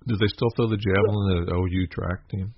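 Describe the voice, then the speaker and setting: A man from Kentucky with a Kentucky accent hosting a casual radio interview, chatty and quick to laugh, often repeating his words. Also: fairly low pitch, steady tone, no echo, highs cut off. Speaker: radio host.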